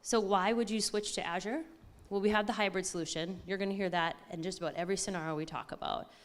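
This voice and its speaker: A woman giving an excited, chatty conference talk, often correcting herself as she goes. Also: medium pitch, fast. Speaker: conference speaker.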